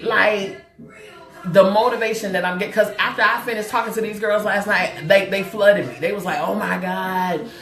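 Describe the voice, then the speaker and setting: A woman's voice: mid-range voice, fairly quick, fairly bright tone, roomy sound, faint music behind. A woman from Chicago hosting a casual motivational livestream, laughing often, repeating herself and checking in with viewers directly. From Chicago, USA. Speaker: host.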